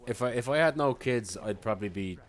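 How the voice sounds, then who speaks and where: A man's voice: medium pitch, lively intonation, fairly quick. A man streaming a speedrun, chatting casually with his viewers between moves and sounding tired. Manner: chatty, rambling, answering chat between moves. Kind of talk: casual live-stream chat while gaming.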